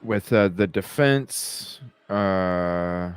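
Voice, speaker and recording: A man's voice: low-pitched, drawn-out words, clean tone, dry recording. A man hosting a live podcast, chatting casually, laughing often and swearing as he rambles. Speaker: podcast host. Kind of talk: casual live-stream chat.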